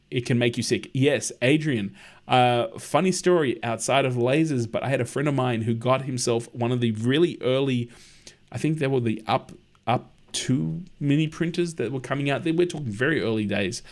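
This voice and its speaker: A man hosting a casual livestream, chatting in a friendly way, answering viewer comments and telling anecdotes. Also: medium pitch. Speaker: livestream host.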